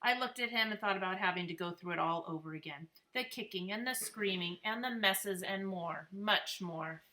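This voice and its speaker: A woman reading a children's book aloud with lively, expressive narration. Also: mid-range voice, normal speed, hardly any pauses. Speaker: reader.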